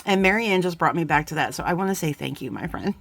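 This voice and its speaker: A woman's voice: sits low, lively intonation, quick pace, creaky, fairly bright tone. Bubbly woman gushing over beads. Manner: bubbly, gushing, rambling into side stories. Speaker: bead box unboxing host. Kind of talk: casual unboxing chat.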